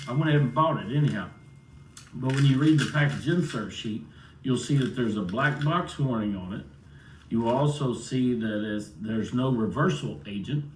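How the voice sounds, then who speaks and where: A middle-aged man tells a long personal story in a loose, meandering way and keeps circling back to his point. He sits well away from the microphone, so his voice comes across roomy and distant, with a faint hum of room noise behind him. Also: mid-range voice. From United States. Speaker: vlogger. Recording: roomy sound, far from the mic.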